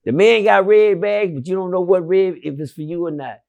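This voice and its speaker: A man telling a long prison story as an interview guest, swinging from loud shouts down to low murmurs and cursing freely. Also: brisk, creaky, lo-fi sound. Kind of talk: animated storytelling.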